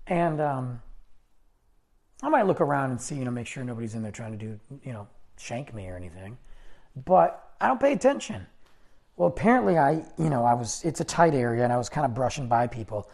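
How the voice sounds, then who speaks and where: A man hosts his podcast and tells a personal story in a casual, chatty way. His voice is a little husky and swings widely in pitch as he gets animated. Now and then he acts out the other people's lines. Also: a little fast. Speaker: podcast host.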